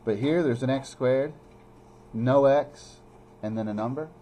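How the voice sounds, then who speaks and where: A man teaching a math review lesson in a classroom, playfully teasing students and calling them by name. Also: measured pace. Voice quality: animated, pitch jumping high when teasing students. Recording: faint classroom noise.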